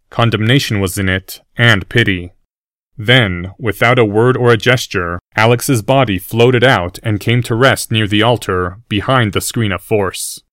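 Male narrator, audiobook: steady scripted read, fairly low voice, dry close sound. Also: no echo.

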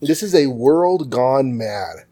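A man's voice: medium pitch, expressive, slow, mellow. A man hosting a podcast, recapping a comic book in a chatty, jokey way. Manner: chatty, jokey, full of fillers. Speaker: podcast host.

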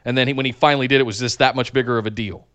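A man co-hosting a podcast in casual chat, enthusiastic and quick to laugh. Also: medium pitch, fairly even intonation, a bit bright, clean tone, dull audio. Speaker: podcast co-host.

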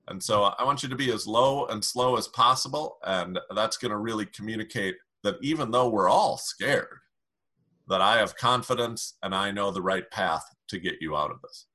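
A man explaining communication strategy in an interview, calm and emphatic as he gives advice. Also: lowish voice, normal speed. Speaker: communication expert.

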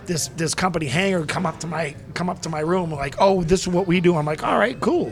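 A man's voice: high voice, quick pace. A man in his forties from Massachusetts, an interview guest telling rambling stories and acting out the people in them. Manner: rambling, animated, acts out voices in anecdotes. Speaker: interview guest, former pro wrestler. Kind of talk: casual storytelling.

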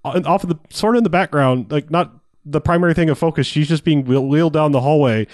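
A man's voice: on the high side, fast, dry recording, studio quality. A man in casual podcast chat, rambling about movies, often laughing and swearing as he acts out lines.

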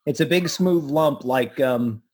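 Us guy, kinda husky, asks lots of questions on a podcast. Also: medium pitch, unhurried, darkish tone. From Southern United States. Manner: curious, joking, asks many questions. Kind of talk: casual chat.

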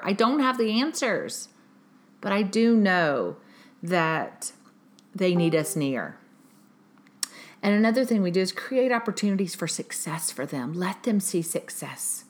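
Earnest low-voiced woman podcast host. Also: lively intonation, normal speed. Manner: earnest, emphatic, repeats her points. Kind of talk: casual podcast talk giving parenting advice.

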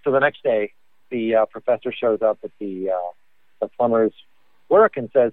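A man's voice: mid-range voice, expressive, moderate pace, no room sound. A man co-hosting a podcast by phone while driving, telling a joke in a hesitant, rambling way full of fillers. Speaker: podcast co-host. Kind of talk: casual chat by phone. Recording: tinny phone line.

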